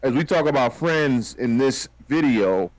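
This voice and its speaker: A man co-hosting a podcast in casual chat, blunt and animated, laughing often. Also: medium pitch, measured pace, no room sound, low-quality recording. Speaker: podcast co-host.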